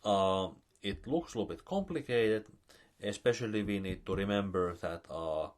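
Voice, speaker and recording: A man with a Finnish accent giving a recorded math lecture, explaining step by step with many pauses and fillers. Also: sits low. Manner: slow, halting, with many fillers.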